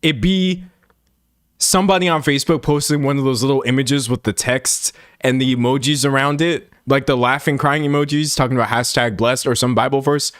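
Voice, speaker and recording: A man of middle pitch delivers sarcastic reaction commentary, mocking and loose with slang, often tripping over repeated words. His voice sits close and dry with no room sound. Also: steady tone, a little fast, fairly bright tone, no echo. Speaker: commentary host.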